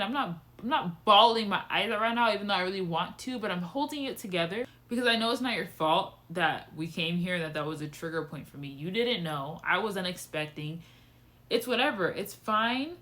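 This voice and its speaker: A young woman speaks directly to the camera in a casual personal vlog, talking fairly quickly. Her voice is bright and forceful, jumping up in pitch for emphasis. She's candid and animated and swears often.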